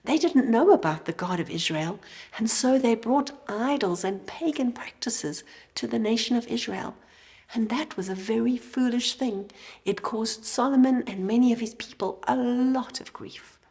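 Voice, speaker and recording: Expressive woman telling a kids' Bible story. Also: fairly high pitch, normal speed. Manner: expressive, drops to a whisper for emphasis. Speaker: children's church teacher. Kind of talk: Bible storytelling lesson for children.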